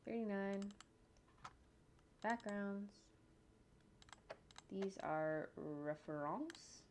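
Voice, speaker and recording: A woman's voice: lowish voice, very slow, long pauses, darkish tone, a little hiss or hum. A woman animator casually narrating her work as she goes, thinking aloud with jokey asides and humming to herself. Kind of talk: casual narration while working on screen. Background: faint computer keyboard typing and clicks.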